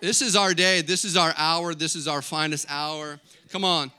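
A middle-aged man preaching a sermon as pastor, conversational and energetic, asking the congregation questions and joking with asides. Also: a little high, moderate pace, clean tone.

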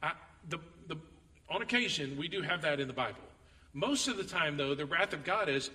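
A man preaching a sermon as pastor, reading scripture dramatically and telling stories with animated, acted-out quotes. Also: fairly high pitch, fairly quick, in a large hall, distant mic.

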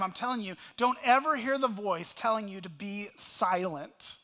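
Impassioned high-voiced male preacher. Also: animated, moderate pace, hardly any pauses. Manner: impassioned, swings between loud cries and hushed asides. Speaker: pastor. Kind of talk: sermon. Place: church sanctuary.

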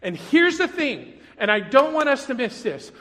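High-voiced, animated male preacher in a hall. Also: moderate pace. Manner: animated, swinging from loud dramatic acted prayers to quiet intimate asides. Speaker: pastor. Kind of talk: sermon.

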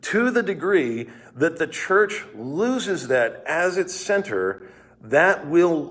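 A man's voice: a little high, very animated, slow pace, a bit bright, slightly rough. A male pastor giving a devotional Bible teaching, explaining scripture verse by verse in an earnest, explanatory way and reading passages aloud.

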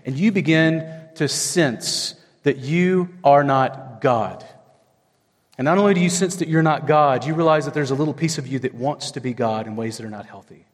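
Man, pastor, sermon, high voice, conversational storytelling, long hall reverb. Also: moderate pace. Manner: conversational storytelling with wide swings in pitch.

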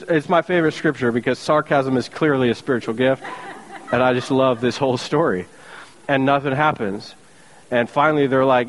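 A pastor preaches to his church, retelling the story with sarcastic humor and acting out each voice. His voice sits a little high for a man. The sound rings with the long reverb of a large sanctuary. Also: brisk. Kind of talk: sermon.

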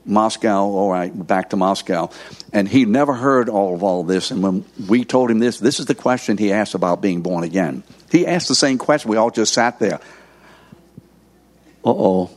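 A middle-aged man preaching, teaching in a deliberate way and prompting the audience to fill in words. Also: on the low side, darkish tone. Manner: slow, deliberate emphasis. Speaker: pastor teaching a course session. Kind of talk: sermon.

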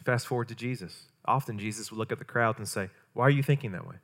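A man's voice: fairly low pitch, fast, fairly bright tone. A man, a pastor, preaching a sermon in a conversational way, full of rhetorical questions.

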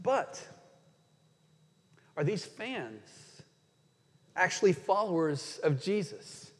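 A man preaching a sermon as pastor, earnest, slowing down dramatically when he quotes scripture. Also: high voice, sing-song. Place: church sanctuary. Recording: church hall reverb.

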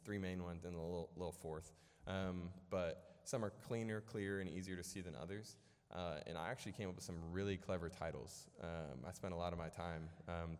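A young man from Illinois giving a storytelling sermon in a church hall, casual and rambling with lots of fillers and self-deprecating jokes. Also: deep voice. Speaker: preacher. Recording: echoey hall with long reverb.

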